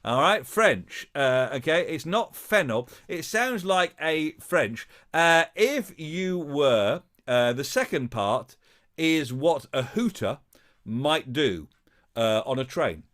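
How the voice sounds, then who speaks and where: A man hosting a live-streamed quiz, chatting in a halting way with lots of filler sounds and reading out viewers' guesses playfully. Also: a little high, lively intonation, fairly bright tone. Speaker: host of a live-streamed show.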